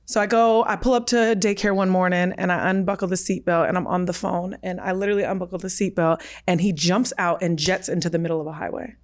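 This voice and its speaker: A woman in her thirties, a podcast guest, telling a personal story in a candid, emphatic, unhurried way. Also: lowish voice, steady tone.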